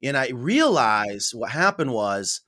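A middle-aged man from New York State, a podcast guest telling stories in a casual, animated way and acting out the voices he quotes. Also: mid-range voice, slow. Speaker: podcast guest, coop builder. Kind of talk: casual storytelling interview.

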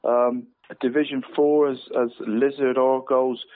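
A man phones into a radio sports show with his league round-up, stumbling and repeating words as he goes. His voice sits at an ordinary middle pitch and comes through a thin, tinny phone line. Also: level tone, a little slow. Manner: hesitant, repeats words, says "mate" constantly. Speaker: football league pundit.

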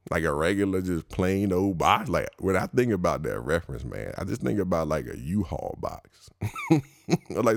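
A man's voice: deep voice, creaky, dry recording, studio quality. A male podcast host in a slangy, profane comedic monologue, laughing at his own riffs.

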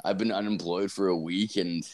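A young man co-hosts a casual podcast, swearing constantly and laughing while he tells stories and acts out the exchanges. His voice sits low with a darkish, steady tone at a normal speed.

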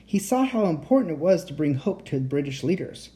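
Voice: mid-range voice, very animated, a little fast, mellow, lightly acted. A reader voicing a polite teenage boy enchanter who speaks in formal, old-fashioned phrasing. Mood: earnest.

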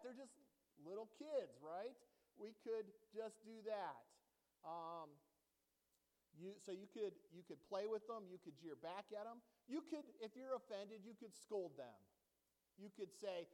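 High-voiced joking male pastor. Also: normal speed, big-room sound. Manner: animated, joking, often asks the audience "right?". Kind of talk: sermon.

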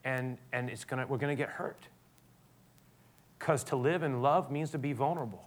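A man preaching a sermon, animated, building to loud emphatic peaks and dropping to soft tones, often restarting his sentences. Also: medium pitch, normal speed. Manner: frequent restarts and repetitions. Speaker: pastor.

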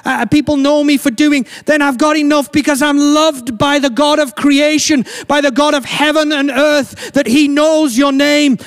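A man preaching a sermon as pastor, earnest and slowing down to stress key lines. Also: extremely high pitch. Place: church sanctuary. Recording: long church hall reverb.

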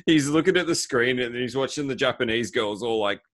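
A man's voice: mid-range voice, fairly quick. Amused man chatting about a movie. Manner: laughs often, relaxed and amused. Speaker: podcast co-host. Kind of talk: casual movie discussion.

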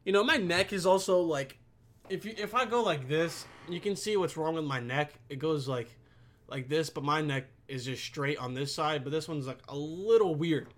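This vlogger is a young man whose voice runs on the high side and a bit bright, at an ordinary pace. Filmed by a camera resting on his computer, he delivers a rambling rant packed with constant swearing.

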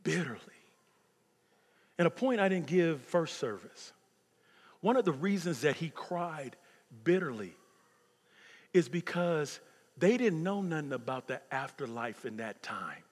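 A man in his fifties preaching a sermon as pastor, swinging from loud preaching to hushed near-whispers. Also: on the high side, animated, measured pace. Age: 50s. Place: church sanctuary. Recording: long hall reverb.

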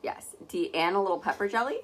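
A woman's voice: medium pitch, expressive, fast. A young woman in her twenties, co-hosting a podcast, telling a true crime story in loose, laughing casual chat with plenty of swearing.

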